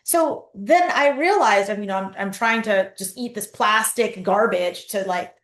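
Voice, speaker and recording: A woman guest telling stories in a casual interview over a video call, acting out her own quotes with lively energy. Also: medium pitch, a little slow. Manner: animated storyteller, acts out her own quotes. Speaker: guest, company founder. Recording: roomy echoey sound.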